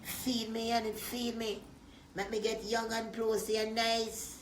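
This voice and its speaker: A woman delivering a loud, profane rant in loose rhymes, half rapping and laughing between lines. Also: a little high, level tone, measured pace, roomy sound, distant mic, a little hiss or hum. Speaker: vlogger. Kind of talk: profane rhyming rant to camera.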